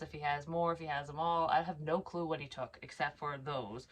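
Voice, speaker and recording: Blunt, profane woman telling a rambling story. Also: low voice. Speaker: psychic medium vlogger. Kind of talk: casual personal storytelling.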